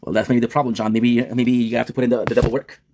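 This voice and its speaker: A man's voice: medium pitch, flat delivery, very fast, crowd noise. A young man streaming, joking crudely and rambling as he switches between English and French. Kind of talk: casual joking chat.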